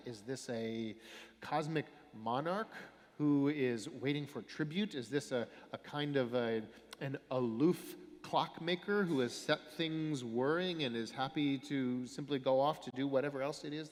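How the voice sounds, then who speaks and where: Male pastor, mid-range voice, wry explanatory sermon, reverberant sanctuary. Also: medium pitch. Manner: wry, explanatory, dramatic pauses. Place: large church. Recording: long church reverb.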